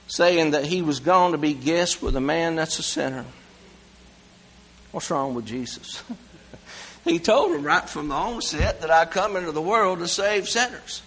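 Male preacher, high and forceful voice, folksy animated sermon, loud to hushed swings. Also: rough recording.

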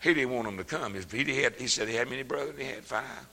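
An older man preaching a sermon, folksy and plain-spoken, his voice swelling up into shouts. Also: medium pitch, quick pace, in a large hall.

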